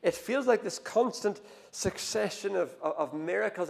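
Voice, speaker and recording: A man preaching a sermon, telling the story with animated swings between hushed and loud delivery. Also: high voice, normal speed, creaky. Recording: long hall reverb.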